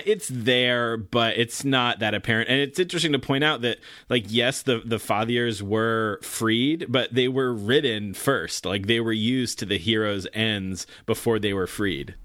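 A man's voice: medium pitch, sharp tone, no room sound. A man co-hosting a podcast in casual chat, reading listener mail with a dry, teasing manner.

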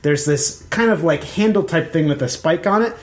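A man's voice: fairly high pitch, animated, normal speed. A man running a tabletop game as dungeon master, narrating the scene in a loose, rambling way full of fillers and restarts.

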